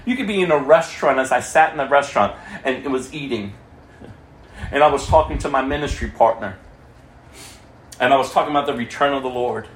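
A man preaching his testimony as a story, swinging between loud stretches and hushed ones. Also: medium pitch, lively intonation, a little fast, long pauses. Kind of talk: sermon testimony. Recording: echoey room, mic far off, faint noise.

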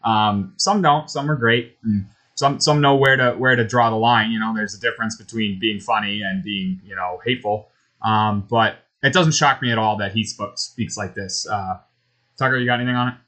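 A man's voice: lowish voice, moderate pace, bright, forceful tone. A man hosting a casual sports talk show, blunt and opinionated, with lots of fillers. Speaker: host.

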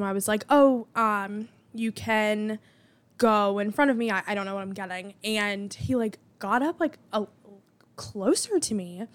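A young woman in her twenties, chatting casually and with sarcasm as she tells dating stories, full of filler words. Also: medium pitch. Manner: chatty, animated, with frequent "like" fillers; sarcastic disbelief. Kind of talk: casual storytelling monologue.

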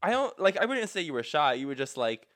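A man's voice: on the high side, very animated, quick pace, a bit bright. A man co-hosting a podcast in casual chat, rambling and using lots of filler words. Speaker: podcast co-host.

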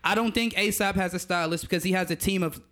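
A young man with a slightly raised pitch holds forth in a casual podcast chat. He is blunt and opinionated and swears freely. His slang-heavy delivery makes every take sound certain. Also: fast, bright, forceful tone. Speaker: podcast co-host.

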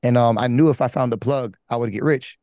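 A man's voice: mid-range voice, fairly quick, dark tone, no room sound. Man telling his testimony, dry sound. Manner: rambling, with many restarts and fillers; casual slangy delivery. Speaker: pastor giving his testimony. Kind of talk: candid personal testimony.

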